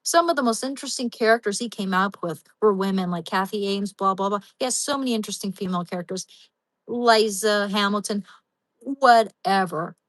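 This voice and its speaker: A woman's voice: medium pitch, fairly quick, dry recording, low-quality recording. Young woman livestream host, casual and rambling, talking to her chat. Dry, close sound. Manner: talks to chat viewers by name, rambling with many restarts.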